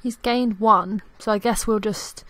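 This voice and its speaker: A woman's voice: mid-range voice, steady tone, a little slow, a bit bright, dry recording. A young woman casually commenting on her life-simulation game, giggling and talking to her characters. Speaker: gaming YouTuber. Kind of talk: casual Let's Play commentary. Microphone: desktop USB mic. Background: faint game music.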